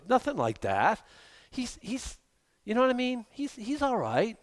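Man preaching, sermon, animated swings from hushed to loud, fairly high voice, very lively pitch. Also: a little slow.

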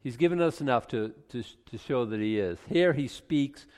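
A man's voice: medium pitch, expressive, normal speed, darkish tone. A man giving informal verse-by-verse Bible teaching in a conversational way, often restarting and adding asides. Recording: long hall reverb.

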